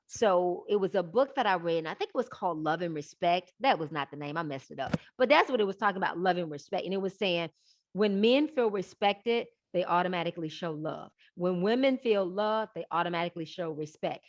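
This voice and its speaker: A woman guest on a podcast, telling her story in a lively, casual way and acting out the voices she quotes. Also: fairly low pitch, a little fast, no room sound. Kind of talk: casual interview talk. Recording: dull lo-fi, dry.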